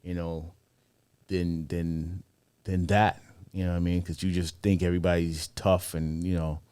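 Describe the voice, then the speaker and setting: A man's voice: low voice, little pitch movement, normal speed, warm tone, clean tone, no echo. A man in a casual discussion, asking a question in a searching way, often adding "you know what I mean".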